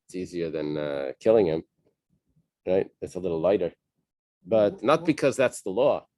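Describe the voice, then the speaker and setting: A man leading a Talmud study class, reading Aramaic passages and translating them in a casual, halting way with many fillers and restarts. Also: deep voice, expressive, a little mellow, no room sound. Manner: casual, thinking aloud.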